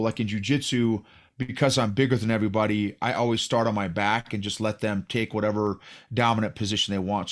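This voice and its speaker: A man hosting a casual interview, reflective and openly emotional, often restarting his sentences. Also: fairly low pitch. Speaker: podcast host.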